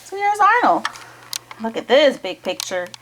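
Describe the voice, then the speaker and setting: A woman's voice: fairly high pitch, very animated, measured pace, fairly bright tone, slight background noise, poor audio. A woman reading a chapter book aloud to children, with chatty asides to her young listeners. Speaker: children's storytime reader.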